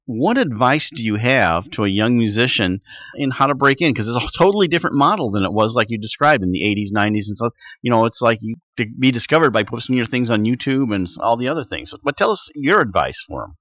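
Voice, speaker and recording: A man co-hosting a public radio arts show, giving the station break and then a relaxed, conversational question. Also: mid-range voice, quick pace, dry recording. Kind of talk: radio interview. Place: radio studio. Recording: dull, lo-fi radio sound.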